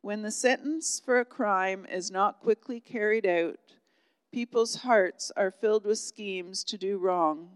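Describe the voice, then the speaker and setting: Woman, scripture reader, slow and solemn, smooth resonant voice. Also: mid-range voice, no room sound, long reverb tail. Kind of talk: scripture reading.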